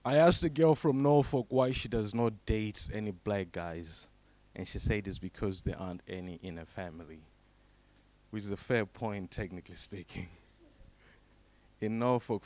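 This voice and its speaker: A young man from Zimbabwe performing a stand-up comedy set. He delivers low, deadpan setups and then breaks into sudden high, shouted character voices.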